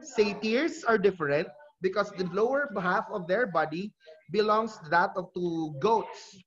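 A male teacher gives an online lecture. His voice sits high. The audio is muffled, as over a video call, and he fixes his own slips as he explains. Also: measured pace. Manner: explanatory, with self-corrections. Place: home during a video call. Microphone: computer mic on a video call.

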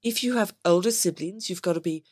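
A woman's voice: on the low side, brisk, slightly rough, dry recording, clean studio sound. A middle-aged woman, hosting a parenting podcast and telling stories in casual chat. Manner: animated storytelling, acts out quoted voices. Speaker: podcast host, baby sleep consultant.

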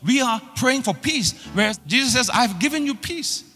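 A male pastor delivering a sermon, emphatic and repetitive, pushing phrases up in pitch as he builds. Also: animated, normal speed, bright, forceful tone, slightly rough, long reverb tail, soft background music. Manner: emphatic preaching with repeated rising phrases.

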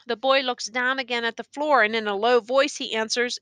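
Bright-voiced woman reading a novel. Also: on the high side, steady tone, brisk, hardly any pauses, smooth, no room sound. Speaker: audiobook reader. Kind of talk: novel narration.

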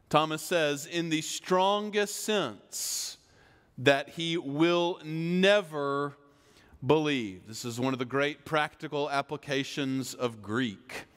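A man preaching a sermon as pastor, slow and emphatic, building on repeated phrases. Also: fairly high pitch, a bit bright, clean tone. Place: church sanctuary. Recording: long church reverb.

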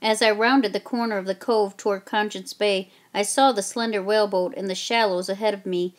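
A woman narrating a children's historical story in a steady, plain reading voice. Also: mid-range voice, a little fast. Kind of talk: reading a children's book aloud.

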